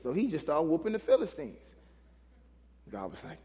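A man preaching in a big reverberant sanctuary, his voice a touch higher than most men's. He talks loose and conversational, tossing questions out to the congregation as he goes. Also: huge pitch swings, a little fast, pauses often, a little mellow. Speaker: pastor. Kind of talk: sermon. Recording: long hall reverb.

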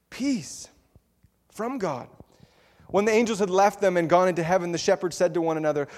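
A man preaching a sermon as pastor, telling the story in a playful, animated way with frequent laughter. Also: on the high side, fairly quick. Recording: long hall reverb.

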